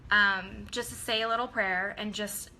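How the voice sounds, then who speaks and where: A woman's voice: mid-range voice, steady tone, unhurried, bright, forceful tone, slight background noise, rough recording. A woman talking casually and earnestly to her sales team, rambling with lots of ums. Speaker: team leader addressing her downline.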